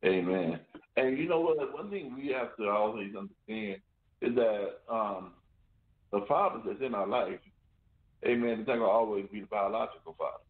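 A man's voice: fairly low pitch, moderate pace. A man hosting a radio talk show, speaking conversationally and often asking "you know what I'm saying". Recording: tinny phone line.

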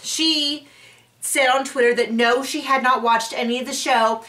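A woman's voice: high voice, fairly even intonation, a little slow, bright, forceful tone, far from the mic. A young woman recapping a reality TV episode in casual commentary, sarcastic and exasperated, now and then mocking people in put-on voices. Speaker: recap reviewer.

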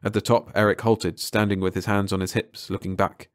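Low-voiced man reading a story aloud. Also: flat delivery, brisk, clean tone, no echo, clean studio sound. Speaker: audiobook narrator. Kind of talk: scripted narration.

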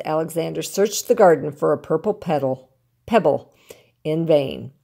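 Animated older woman reading a storybook. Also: fairly low pitch, creaky. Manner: expressive, animated read-aloud. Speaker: storyteller grandmother. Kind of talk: children's picture book reading.

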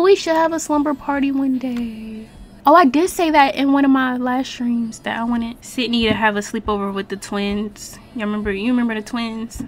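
A young woman chatting casually as she streams a life-sim game, talking to her viewers and the characters with slangy, animated exclamations. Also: on the high side, moderate pace, slight background noise. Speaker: gaming streamer. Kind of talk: casual let's-play commentary.

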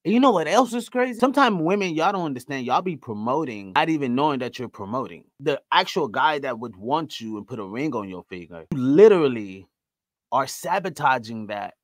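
Brief: male reaction host, lively up-and-down delivery, dry close sound. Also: medium pitch, a little fast, dry recording. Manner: animated, talks straight to viewers. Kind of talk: reaction commentary.

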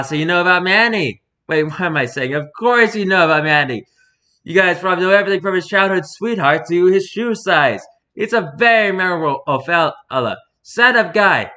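A man's voice: high-pitched, sharp tone. A man voicing a mocking, talkative male circus performer who rambles theatrically, read from an interview. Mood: rambling. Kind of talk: reading an interview aloud in character.

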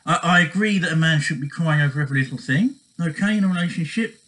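A man's voice: a little high, fast talker, a bit bright, rough recording. A man giving relationship advice in a casual monologue, earnest and repetitive, often checking in with "okay?".

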